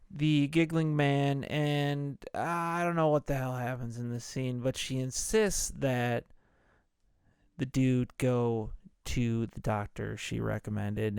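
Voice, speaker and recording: A man's voice: mid-range voice, a little mellow, smooth, dry recording, studio quality. A man hosting a podcast, loosely retelling a movie plot in a rambling, casual way with plenty of swearing. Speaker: podcast host.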